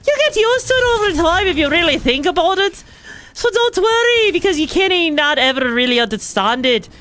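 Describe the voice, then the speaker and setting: A woman's voice: very high-pitched, very animated, moderate pace, a bit bright, pitched above the performer's own voice, full character voice. A woman putting on a cheeky, taunting mock-Irish voice while playing a game. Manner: taunting, singsong, says "wee bit" a lot. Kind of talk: joking put-on voice while gaming.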